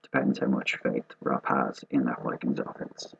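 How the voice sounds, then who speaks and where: A man's voice: rumbling low, little pitch movement, normal speed, vocal fry, fairly bright tone, a little hiss or hum. A man hosting casual fantasy football commentary in a joking, rambling and profane way. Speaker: host of a fantasy football mock draft video. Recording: dull lo-fi recording.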